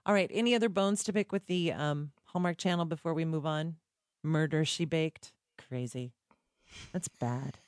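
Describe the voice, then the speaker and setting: Chatty lady co-host, kinda low voice, super dry mic. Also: normal speed, darkish tone, no room sound. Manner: chatty storyteller, laughs often. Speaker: podcast co-host. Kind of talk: casual chat.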